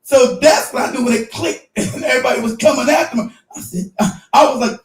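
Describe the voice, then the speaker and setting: A man hosting a casual podcast, boastful and loud, laughing often as he trades stories with a co-host. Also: extremely high pitch, expressive, fast talker. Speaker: show host. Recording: echoey, distant mic with faint music.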